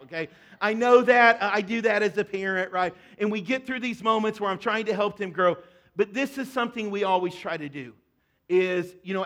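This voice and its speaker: A middle-aged male pastor delivers a sermon from a church stage, his voice pitched noticeably high. He talks earnestly to the congregation, sinking into soft, hushed passages and then building to loud, emphatic peaks.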